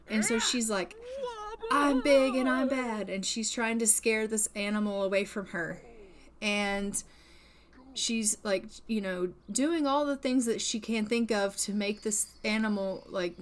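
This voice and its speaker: Chatty woman narrating a game story. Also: mid-range voice. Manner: chatty, many fillers like "like" and "you know". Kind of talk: casual story narration over gameplay.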